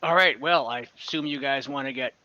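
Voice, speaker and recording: A man's voice: medium pitch, a little fast, sharp tone, dry recording, lo-fi sound. A man acting as dungeon master, describing a town at length with many fillers and restarts. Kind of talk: narrating an online tabletop game. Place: online call from home.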